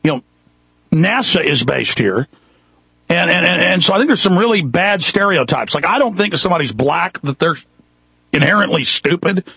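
Husky, aggressive talk radio host. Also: male voice, sits high, expressive, dry recording, rough recording. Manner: aggressive, loud, fast-talking rants.

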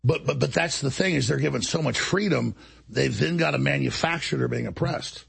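A man's voice: mid-range voice, a little fast, gravelly, fairly bright tone, slightly rough. A man hosting a talk show, delivering an indignant monologue and acting out other people's lines as he tells the story. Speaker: show host.

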